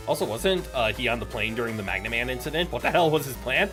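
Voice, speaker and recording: A woman's voice: rumbling low, expressive, fast talker, few pauses, a bit bright, faint music behind. A woman streamer giving casual, playful commentary while playing a game, laughing often and swearing when things go wrong. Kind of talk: casual let's-play commentary.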